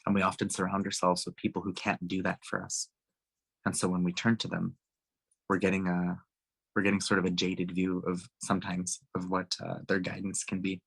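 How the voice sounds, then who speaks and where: Man, very low voice, earnest storytelling, dry close sound. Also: monotone, moderate pace, vocal fry, fairly bright tone, husky, no echo, low-quality recording. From Canada. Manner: earnest, with frequent restarts and fillers. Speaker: town hall speaker. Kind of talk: personal storytelling talk.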